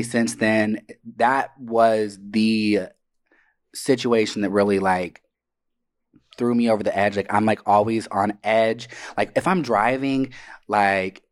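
Animated, profane young man telling stories. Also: mid-range voice. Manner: animated, profane, dramatic quoted voices. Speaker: podcast guest telling stories. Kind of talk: casual storytelling. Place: Atlanta area.

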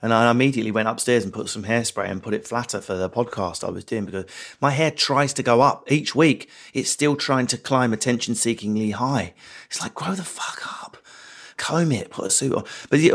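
A middle-aged man, a comedian guest, telling candid stories in an animated, quick, self-mocking way. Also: mid-range voice. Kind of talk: candid interview storytelling. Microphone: remote interview mic.

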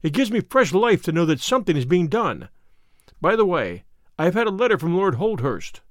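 Guy playing worried sickly young diplomat, earnest, lively pitch, dry sound. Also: a little fast, no room sound. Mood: anxious. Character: anxious, ailing young male diplomat.

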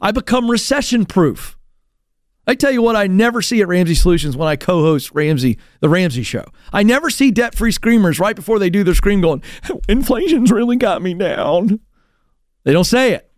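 A male radio host giving fired-up talk show commentary, animated and mocking as he mimics others. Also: high voice, a little fast, no room sound, studio quality.

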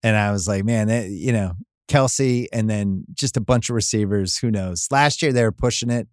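A man hosting a casual sports podcast, animated and chatty with quick asides. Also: on the low side, smooth, no echo, studio quality. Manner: animated, quick asides, reads ads conversationally. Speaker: podcast host.

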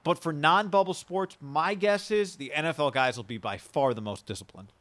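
A man's voice: on the high side, moderate pace, dry recording. Casual, storytelling male sports talker. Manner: animated, tells anecdotes with quoted dialogue, swears casually. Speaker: sports talk co-host.

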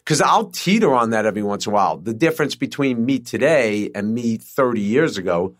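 A man's voice: mid-range voice, animated, brisk. A middle-aged man in casual podcast chat, laid-back, cursing and using lots of fillers.

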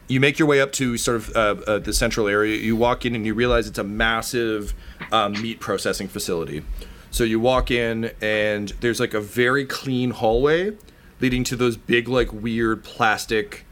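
A man's voice: fairly low pitch, normal speed, a bit bright. A man running a tabletop game as game master, narrating loosely with many ums and likes. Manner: rambling, full of fillers like um and like.

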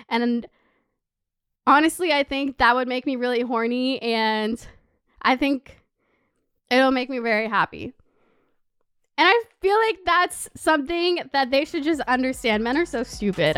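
A young woman with a high, smooth voice chats candidly on her podcast, giving relationship advice in a loose, animated way. She swears freely and scatters "like" through her talk. The sound is close and dry, with no room around it. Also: measured pace, long pauses, no echo. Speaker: podcast host. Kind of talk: casual advice chat.

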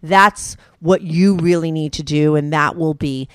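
A woman's voice: low voice, unhurried, smooth, dry recording, studio quality. A woman hosting a candid conversation, giving frank, direct advice.

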